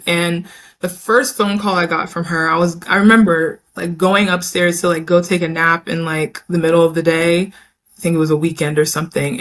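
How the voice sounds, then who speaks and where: A young woman in a casual interview, talking about her experiences in a chatty, animated way, acting out quotes as she goes. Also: on the low side. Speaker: interview guest, Olympic hammer thrower.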